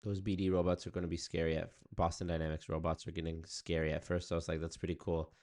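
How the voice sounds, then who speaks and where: A man's voice: deep voice, monotone, fast talker, darkish tone. A young man chatting loosely with his viewers on a stream, rambling and swearing. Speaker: streamer reacting to chat. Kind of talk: casual livestream chat.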